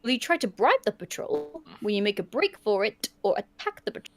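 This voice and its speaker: A woman hosting a livestream, reading a choose-your-own-adventure book aloud in an animated way and often laughing. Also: mid-range voice, a little fast. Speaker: storyteller and host.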